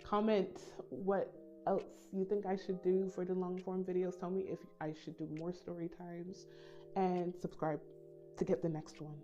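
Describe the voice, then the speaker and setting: A woman's voice: fairly low pitch, normal speed. A woman from the Caribbean telling a casual story to her viewers, acting out the voices of the people in it. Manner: animated, acts out voices in quotes. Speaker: storytime YouTuber. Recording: slightly dull recording with soft background music.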